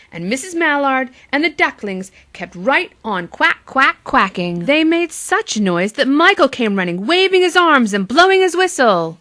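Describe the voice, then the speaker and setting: A woman's voice: a little high, a bit bright. A woman teacher with a Boston accent reading a picture book aloud to young children, with playful asides to them.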